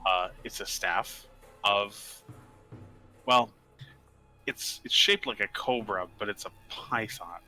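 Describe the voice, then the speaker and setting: A man's voice: on the low side, takes it slowly, pauses often, bright, forceful tone, faint music behind, low-quality recording. A man playing a tabletop game, casually explaining how things work to the table. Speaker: player.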